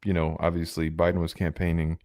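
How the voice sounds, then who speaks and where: Chatting casually on a podcast he co-hosts, a man rambles with plenty of fillers and restarts. His voice is low-pitched and a little mellow, delivered completely flat and fairly quick.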